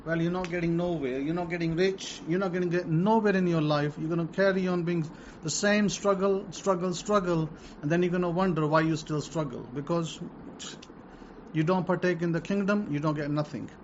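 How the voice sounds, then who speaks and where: Man preaching on and on, emphatic and repeats himself, kinda high voice, muffled with faint hiss. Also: normal speed. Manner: repetitive, emphatic, insistent. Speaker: religious teacher on tithing. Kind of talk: preaching monologue with testimonies.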